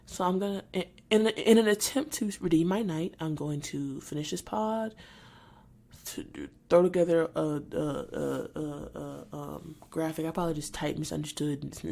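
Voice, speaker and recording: Irritated woman venting, low and mellow. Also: slight background noise. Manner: irritated, venting, halting with many restarts. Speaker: podcast host. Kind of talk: solo podcast monologue.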